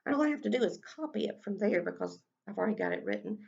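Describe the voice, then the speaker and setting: A woman teaching kindergarten writing in a gentle sing-song voice, slowing down to stretch out each sound for her young students. Her voice sits at a middle pitch. The recording is a little dull and lo-fi. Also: animated, vocal fry.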